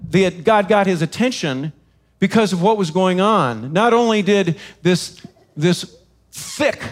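High-pitched male pastor, earnest, emphatic sermon delivery. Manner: earnest, emphatic preaching with dramatic quoted cries.

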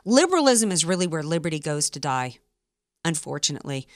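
A woman's voice: low-pitched, big pitch swings, brisk, dry recording, clean studio sound. A woman hosting a political talk radio show, speaking with indignant emphasis, full of fillers and restarts. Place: studio, also streamed live online.

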